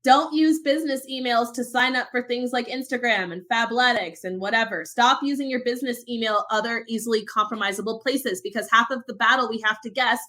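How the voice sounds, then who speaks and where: Young woman, bright tone, slightly high voice, animated, emphatic, casual podcast chat. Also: a little fast, hardly any pauses. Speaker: podcast co-host.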